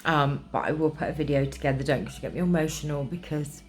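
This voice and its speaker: Middle-aged woman from England, very low voice, warm gushing chatty vlogger, recovering from illness. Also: a little fast. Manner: gushing, emotional, chatty with many ums. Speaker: craft vlogger. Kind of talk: casual chat to camera.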